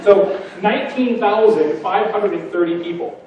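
A man giving a conference keynote, punchy and energetic, full of rhetorical questions. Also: high voice, normal speed, heavy reverb, distant mic, highs cut off, a crowd in the background. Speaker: keynote speaker. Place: large conference hall.

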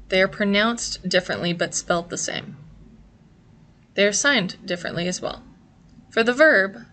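A woman's voice: medium pitch, measured pace, a bit bright. A woman teaching a sign language class, explaining each sign patiently and step by step. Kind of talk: instructional explanation.

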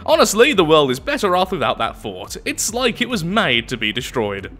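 A man's voice: fairly high pitch, huge pitch swings, moderate pace, few pauses, bright, forceful tone, faint music behind. A man giving casual, jokey let's-play commentary, reading on-screen text aloud and exclaiming. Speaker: gameplay commentator.

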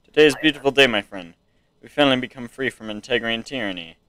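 A man puts on a warm, heartfelt citizen at a border post. The voice is bright and clear, full of gratitude. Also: medium pitch, fast, natural voice, low-quality recording. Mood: joyful. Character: joyful grateful male citizen.

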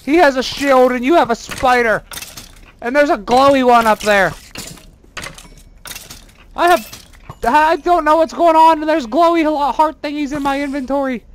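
A gamer giving let's play commentary, excitable and self-mocking, full of exclamations and whining at the game. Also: high-pitched, moderate pace, pauses often, a little hiss or hum.

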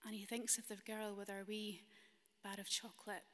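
A Scottish woman minister telling a children's story in a church service in a gentle, playful way. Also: medium pitch, little pitch movement, moderate pace. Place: large stone cathedral. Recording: long cathedral reverb.

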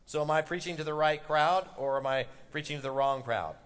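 A man, a pastor, preaching a sermon and rising in loudness and intensity as he drives his points home. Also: fairly high pitch, brisk, smooth. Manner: impassioned, rising loud on the father's words. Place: church sanctuary. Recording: long hall reverb from a church sanctuary.

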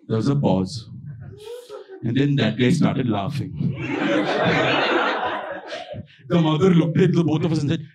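Unhurried this time, the young comedian from India, his voice on the high side, spins an animated tale and acts out its characters' voices. It's a rough recording of his stand-up set before a live audience in a small outdoor backyard.

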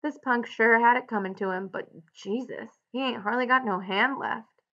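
Woman voicing a calm, firm lead ranch hand. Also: on the high side, normal speed, highs cut off.

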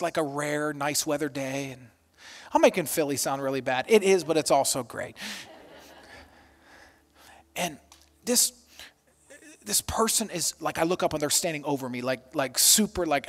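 A man in his thirties preaching a storytelling sermon as pastor, animated and self-deprecating, acting out quotes loudly. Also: a little high.

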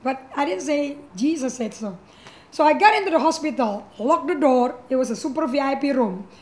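A middle-aged woman, a pastor telling her personal testimony in an animated way with frequent restarts. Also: sits high, brisk. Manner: animated, acts out quoted voices, frequent restarts.

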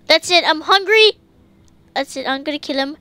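A woman giving casual let's-play commentary, talking to herself and to the creatures on screen, and yelling commands at the game when things heat up. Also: high voice, moderate pace, slight background noise. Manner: excitable, yells commands at the game. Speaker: gamer streamer.

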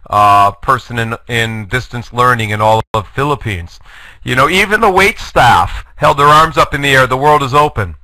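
Brisk, bright-voiced male lecturer. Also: medium pitch, no room sound, low-quality recording. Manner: jokey, self-deprecating, rallies the audience. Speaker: guest lecturer. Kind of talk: live online lecture. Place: online webinar.

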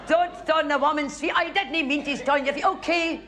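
A woman's voice: sits high, brisk, fairly bright tone, a little hiss or hum. Woman doing a drunk, brash Glasgow heckler. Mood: drunk, bickering. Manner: slurred, brash, bickering with her man. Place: large theatre stage. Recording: live theatre, audience laughter, band music.

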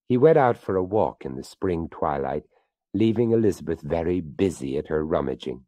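Man reading a spooky story, voice swoops all over, dark and dry. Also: deep voice, animated, no echo. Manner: theatrical, slowing and hushing for suspense. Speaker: narrator.

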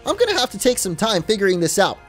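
A man's voice: sits high, wildly swooping pitch, fast talker, faint music behind. A man voicing an earnest teenage boy rival trainer with a light put-on British accent and an eager, heartfelt way of talking. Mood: downcast.

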